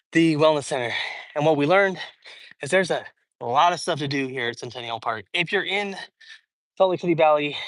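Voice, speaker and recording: Young male streamer, slightly higher voice, chatty and filler-heavy, overheated on an outdoor walk, dry phone-mic sound. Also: a bit bright, no room sound. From Idaho. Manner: chatty, rambling, many fillers and restarts. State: hot and sweaty from walking. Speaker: livestream host answering chat. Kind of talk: casual walk-and-talk livestream. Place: outdoors in a large public park.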